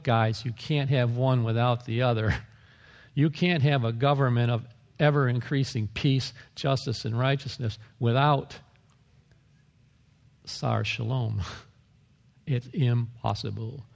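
Gravelly-voiced man preaching in a reverberant hall. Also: medium pitch, a little mellow. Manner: conversational preaching with asides and chuckles. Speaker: pastor. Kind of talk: sermon.

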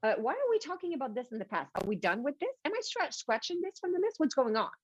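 A woman with a French Canadian accent voicing a fussy, chatty inner personal assistant who exclaims quickly and sounds bewildered. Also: high voice, big pitch swings, no room sound, pitched above the performer's own voice. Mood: puzzled. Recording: dull lo-fi dry recording.

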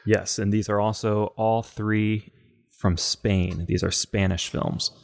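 A man co-hosting a casual podcast, speaking in an easygoing, measured way with some fillers. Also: on the low side, fairly even intonation, vocal fry. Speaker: podcast co-host presenting films.

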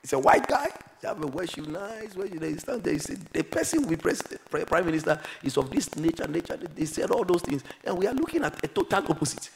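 A man preaching a sermon, moving between quiet, reflective passages and loud, emphatic exhortation. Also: high voice, big pitch swings, a little fast, vocal fry, hardly any pauses, poor audio. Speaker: pastor.

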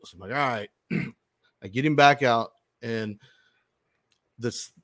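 A man's voice: mid-range voice, slow, fairly bright tone, no echo, clean studio sound. Profane, rambling male podcast host. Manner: rambling, profane, with frequent restarts. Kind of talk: casual storytelling chat.

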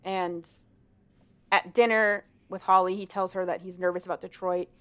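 Animated woman retelling a story. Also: lowish voice, moderate pace, smooth. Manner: animated, acts out characters' lines with swearing and laughter. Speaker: podcast co-host. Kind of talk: casual chat retelling a story.

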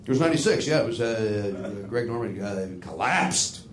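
A man hosting a casual comedy podcast, joking and laughing through quick banter. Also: fairly low pitch, roomy sound, a little hiss or hum. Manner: animated, quick to laugh, jokey. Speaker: podcast host.

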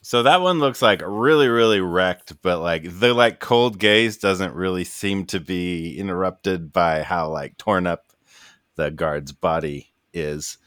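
Low-voiced man running a tabletop game. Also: takes it slowly, fairly bright tone, dry recording, studio quality. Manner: loose, hesitant narration with many fillers. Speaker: game master.

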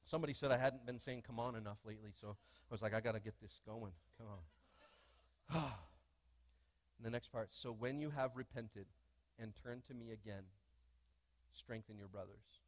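A man preaching a lively sermon in a church, with call-and-response and playful asides to the congregation. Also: fairly low pitch, normal speed. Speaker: pastor. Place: church sanctuary.

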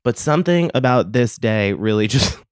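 A man's voice: mid-range voice, animated, normal speed, clear, resonant tone, dry recording, studio quality. A man hosting a podcast, telling a confessional story in a casual, profane, self-mocking way and laughing often. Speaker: podcast host.

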